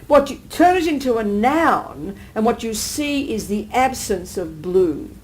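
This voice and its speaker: Buddhist teacher, woman, slightly high voice, animated, keeps checking listeners agree, acts out exclamations. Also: a little slow, poor audio. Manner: acts out everyday exclamations with sudden lifts. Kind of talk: live dharma teaching to an audience.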